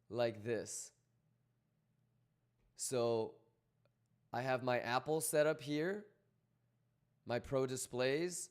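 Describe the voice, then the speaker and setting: A man's voice: mid-range voice, clear, resonant tone. A man streaming live, talking loosely and profanely as he reads chat messages aloud and rambles. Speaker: crypto trading livestreamer.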